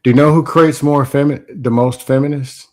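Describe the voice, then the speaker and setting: A man's voice: mid-range voice, moderate pace. A man co-hosting a casual talk show, talking bluntly. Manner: blunt, animated, acts out quoted voices. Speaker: podcast co-host. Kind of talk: casual chat.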